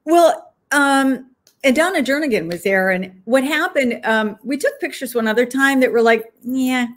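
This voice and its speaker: A woman's voice: high-pitched, animated, moderate pace. A woman, an author and guest, answering interview questions reflectively and thinking aloud with frequent fillers.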